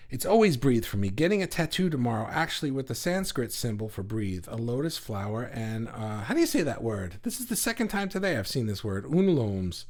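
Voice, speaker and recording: A man's voice: mid-range voice, big pitch swings, a little fast, hardly any pauses, darkish tone. A middle-aged man with a New York accent, hosting a casual live chat, reading viewer comments aloud, laughing often and stumbling over his words.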